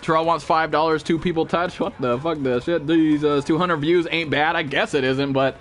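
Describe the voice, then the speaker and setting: High-voiced, profane young male streamer. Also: fairly even intonation, normal speed, fairly bright tone, a little hiss or hum. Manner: profane, joking and rambling, greets chat viewers. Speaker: game streamer. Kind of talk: live gameplay stream chat.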